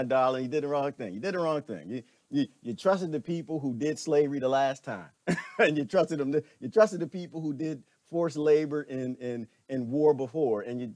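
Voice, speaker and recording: A middle-aged man giving a preachy, animated monologue as a vlogger, laughing often and repeating himself. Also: on the high side, no echo, studio quality. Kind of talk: ranting commentary monologue.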